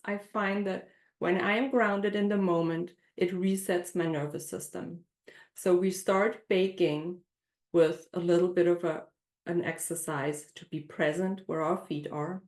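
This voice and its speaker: A middle-aged woman teaches a live online baking class from her home kitchen, speaking gently in a lowish voice as she leads a calm breathing exercise. The sound is roomy.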